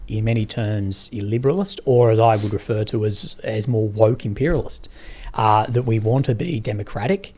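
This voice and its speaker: A man hosting a podcast, speaking in a measured, analytical way with hesitant restarts. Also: on the low side, dark tone. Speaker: podcast host. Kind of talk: conversational interview.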